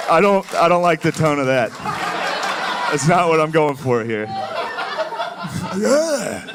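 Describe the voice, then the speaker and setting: A man doing a stand-up routine, chuckling through his lines and dropping low for impressions. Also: background noise.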